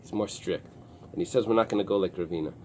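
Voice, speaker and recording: A man teaching a Talmud class, pausing and restarting often as he explains the text. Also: sits low, a little mellow, a little hiss or hum. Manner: explains in halting restarts with many fillers. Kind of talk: early-morning Talmud class. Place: synagogue study room with a small group.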